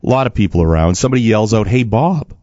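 A man's voice: on the low side, rapid-fire, dry recording, muffled recording. A man hosting a morning radio show, telling a story in casual chat. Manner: storytelling, animated, laughs easily. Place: radio studio. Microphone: studio microphone.

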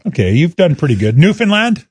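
A man's voice: a little high, brisk, slightly rough, no echo. A man hosting a casual chat and quiz with a guest, teasing and laughing easily. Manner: lively, chuckling, teasing. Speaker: radio host interviewing a guest.

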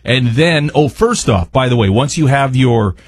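A man's voice: medium pitch, expressive, moderate pace, breathy edge. A man appearing as a guest chef on a radio show, talking through a recipe in a rambling, jokey, chatty way. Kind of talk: casual cooking chat on radio.

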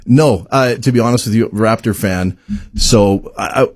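A man in casual sports chat, animated and quick to laugh. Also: fairly low pitch, a little hiss or hum. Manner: animated, laughs easily, acts out players' voices.

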